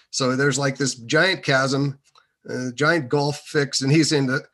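Brief: man, middle pitch, bright forceful tone, meandering and filler-heavy storytelling. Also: slow, vocal fry. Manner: hesitant and meandering, many fillers. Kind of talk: personal storytelling.

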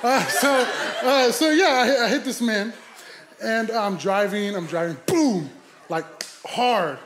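A young adult man, a pastor, telling a comic story in a sermon, animated and laughing as he goes. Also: sits high, slow pace, a little hiss or hum. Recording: echoey hall.

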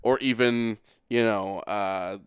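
A man's voice: fairly low pitch, steady tone, takes it slowly, clear, resonant tone, dry recording, studio quality. A young man co-hosting a podcast, chatting casually and loosely, with lots of filler words and restarts. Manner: loose, filler-heavy talk with many restarts. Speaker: podcast co-host. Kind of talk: casual chat.

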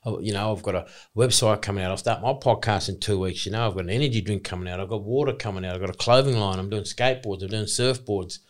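An Australian man in his forties, a former rugby league player telling his story in an excitable, rambling, emphatic way as a podcast guest. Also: lowish voice, quick pace, few pauses. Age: 40s. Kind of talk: casual podcast interview.

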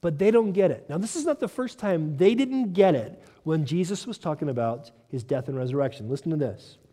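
Animated pastor preaching in a reverberant hall. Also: male voice, fairly high pitch, brisk. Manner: animated preaching, acting out quotes, laughs. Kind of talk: sermon. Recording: long reverb of a large hall.

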